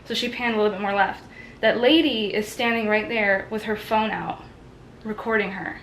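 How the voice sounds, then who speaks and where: A woman's voice: mid-range voice, normal speed, fairly bright tone, a little hiss or hum, low-quality recording. A woman in her twenties, a college student, telling a story in a casual, chatty way, with many fillers and acted-out quotes. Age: 20s.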